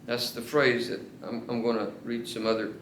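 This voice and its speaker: Earnest male pastor mid-sermon, drawn-out emphasis; reverberant church sound. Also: medium pitch, flat delivery, a bit bright, slight background noise. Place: church sanctuary. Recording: echoey church room.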